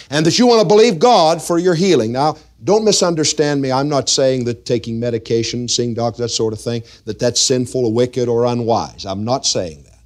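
A man preaching a sermon, dropping to quiet appeals, then rising to loud, high exhortation and slow, drawn-out scripture reading. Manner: reads scripture aloud in slow, drawn-out phrases.

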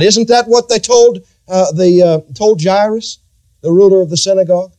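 A man's voice: normal speed, a little mellow. A man preaching a sermon, dramatic and emphatic, retelling scripture in old-fashioned biblical wording. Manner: dramatic, emphatic, sweeping pitch swings.

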